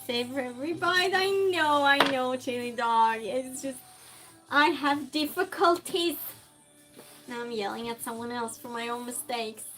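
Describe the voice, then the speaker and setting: High, unhurried woman streamer. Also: over music. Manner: chatty, reads viewer comments aloud and answers them; laughs often, teases the chat. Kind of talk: casual chat while cooking.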